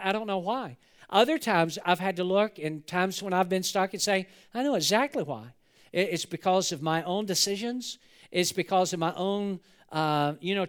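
A man's voice: high-pitched, clear, resonant tone. A male pastor giving an earnest church sermon, often repeating words and restarting as he drives a point home.

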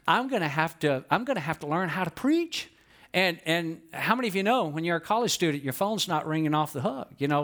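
A man from Atlanta, preaching to a congregation. His voice sits a bit high for a man. He mixes personal stories with lively call-and-response. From Atlanta, Georgia. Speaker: pastor.

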